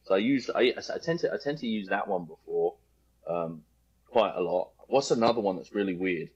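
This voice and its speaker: Husky, low man, rambling and joking. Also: animated, fairly quick, darkish tone, muffled recording. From United Kingdom. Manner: rambling, joking, swears freely. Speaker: guest, home builder. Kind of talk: casual podcast interview.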